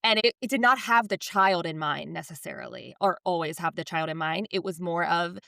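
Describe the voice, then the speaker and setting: A woman in her thirties co-hosting a podcast, telling parenting stories in a casual, animated way and acting out the lines of others. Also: lowish voice, fairly quick, gravelly, no room sound, studio quality. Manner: animated storytelling, acts out quotes. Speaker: podcast co-host.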